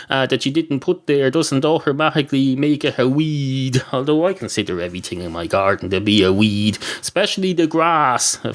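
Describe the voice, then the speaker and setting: A man hosting a podcast, wandering through a comic solo monologue in a dry, deadpan tone. He talks at a middle pitch and fills his pauses with constant "uh"s. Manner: meandering, deadpan, heavy on filler sounds. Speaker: podcast host.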